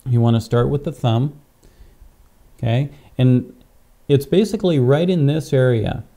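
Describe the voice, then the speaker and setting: A medium-pitched, creaky, mellow male voice, a little slow, belongs to a pastor demonstrating a tapping technique step by step. He's patient and frequently checks in with "okay?" through his clip-on mic.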